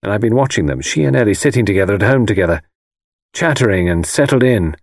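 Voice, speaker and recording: A man's voice: on the low side, animated, fast talker, dry recording, studio quality. A man reading an audiobook voices an intense, brooding male architect who presses cryptic, insistent warnings. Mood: urgent.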